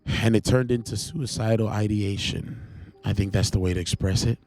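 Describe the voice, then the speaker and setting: A man hosting a podcast, telling a personal faith testimony in an earnest, halting, emotional way. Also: lowish voice, darkish tone. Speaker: podcast host.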